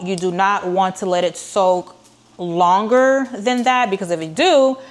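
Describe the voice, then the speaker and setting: A woman hosting a casual cooking tutorial, chatty and rambling, with many ums and restarts and a few dry, sarcastic asides. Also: medium pitch. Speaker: cooking channel host.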